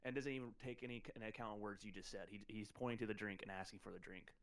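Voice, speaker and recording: Man running a tabletop game, halting. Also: fairly low pitch. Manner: hesitant, lots of ums and restarts. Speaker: game master.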